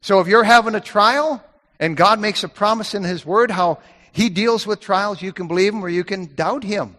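A man's voice: high voice, moderate pace, a bit bright, big-room sound. A man preaching a sermon, emphatic, repeating key phrases and quoting scripture in old-fashioned wording.

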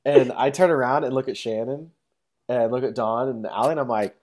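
A young man telling a long story in a casual, rambling way, full of fillers, now and then acting out quotes in a high, exaggerated voice. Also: a little fast, a little mellow.

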